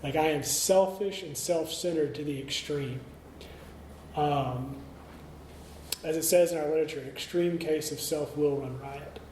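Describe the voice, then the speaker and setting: A man's voice: a little high, measured pace, darkish tone. Man, middle-aged, candid rambling storytelling, echoey meeting room, faint background hum. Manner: candid storytelling with many fillers and restarts. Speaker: AA speaker. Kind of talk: recovery talk.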